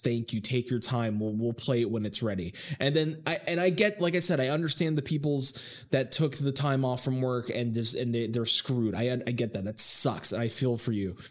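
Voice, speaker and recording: A man co-hosting a casual gaming podcast, ranting animatedly and laughing often. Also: medium pitch. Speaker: podcast co-host. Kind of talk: casual chat.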